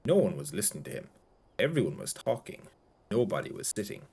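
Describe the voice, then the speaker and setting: A man's voice: on the low side, wildly swooping pitch, brisk, gravelly, darkish tone, breathy edge, exaggerated voice. A man voicing a young woman with a child's mind who speaks in short, simple, childlike sentences, read aloud as a story. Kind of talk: audiobook-style reading.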